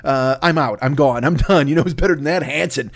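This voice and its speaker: A man's voice: on the high side, a little fast, gravelly, no echo, studio quality. A middle-aged man hosting his own podcast alone, ranting in a rambling, profane, self-mocking way. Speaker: podcast host. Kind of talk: solo podcast monologue.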